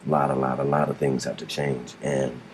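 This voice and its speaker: A man's voice: very deep voice, little pitch movement, a little fast, a little mellow, slight background noise. A middle-aged man recounting his experiences as an interview guest, rambling with frequent restarts and blunt swearing. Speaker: guest describing alien abduction. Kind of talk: casual storytelling in a recorded interview.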